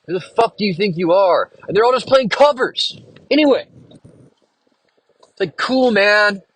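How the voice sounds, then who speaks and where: Venting, profane man, slightly high voice. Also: expressive, a little slow, a bit bright, breathy edge. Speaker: podcast host and musician. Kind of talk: casual solo podcast monologue.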